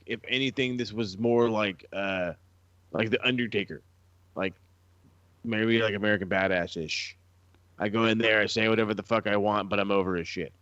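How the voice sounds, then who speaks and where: A man's voice: on the low side, no room sound. Profane male co-host, riled-up rants, dry dull sound. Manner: profane, ranting, animated. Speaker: podcast co-host. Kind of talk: casual wrestling chat.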